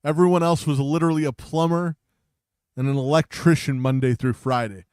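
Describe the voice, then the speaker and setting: A man's voice: a little high, fairly even intonation, a little fast, a little mellow, clean tone, dry recording, studio quality. A man co-hosting a casual podcast with profane, mocking banter. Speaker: podcast co-host. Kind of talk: casual chat.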